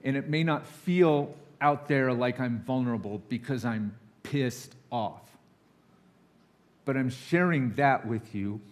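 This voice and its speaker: A man speaking from a church pulpit as a guest preacher. He sounds candid and a little nervous, confessional in tone, and he slips into quick acted-out voices for the people in his examples. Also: mid-range voice. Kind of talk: sermon. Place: church sanctuary.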